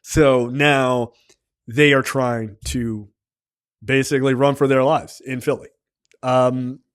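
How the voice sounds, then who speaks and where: A man co-hosting a podcast, retelling a show's plot in casual, animated chat full of swearing and fillers. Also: medium pitch, slow pace, clear, resonant tone. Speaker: podcast co-host.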